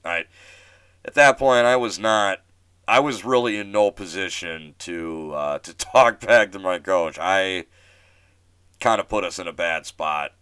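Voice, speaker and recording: A young man hosts his own show and tells a story in a loose, rambling way, full of restarts and self-deprecating asides. His voice is low and smooth, recorded dry and close. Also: a little slow, fairly bright tone, no echo. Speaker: podcast host. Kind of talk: casual storytelling monologue.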